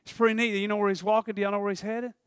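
A male preacher giving a lively sermon, laughing often and swinging from hushed tones to shouting. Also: high-pitched, very fast, smooth, no room sound, clean studio sound.

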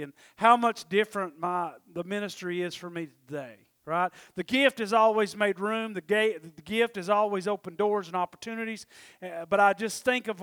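Middle-aged pastor, folksy rambling sermon, high voice, dry close sound. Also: male voice, a bit bright, smooth, dry recording. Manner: folksy, conversational, rambling with self-deprecating asides. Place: church.

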